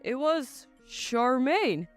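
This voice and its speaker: A woman's voice: sits high, very animated, extremely slow, faint music behind, full character voice. A woman voicing a stammering, guilt-stricken retired father in a storybook drama. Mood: flustered. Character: remorseful retired father, older man.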